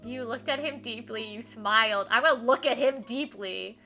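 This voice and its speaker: Young woman, streamer, bubbly and giggly, bright voice, a little high. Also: moderate pace, faint music behind. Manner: bubbly, giggly, gushing reactions. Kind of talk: live game stream, reading and commenting.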